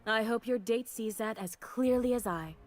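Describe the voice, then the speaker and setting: A woman's voice: fairly high pitch, moderate pace, faint music behind, close to an everyday voice. A woman voicing a flamboyant fashion designer in a video game, theatrical and doting, full of endearments. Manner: grandiose, theatrical, showering people with endearments. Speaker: game character.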